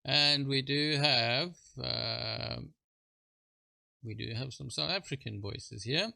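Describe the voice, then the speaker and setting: A man presenting a screen-share software walkthrough, talking in a halting way with fillers and informal asides. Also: medium pitch, creaky, no echo. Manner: halting, full of fillers and restarts.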